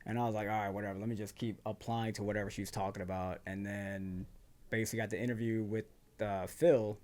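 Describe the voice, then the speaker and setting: A man's voice: lowish voice, steady tone, fast talker, darkish tone. Virginia guy w a little southern twang, laid back, telling stories, slips into quotes. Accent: slight Southern twang. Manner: laid-back, drops into quoted asides, laughs often. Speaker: guest firefighter. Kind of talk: casual storytelling.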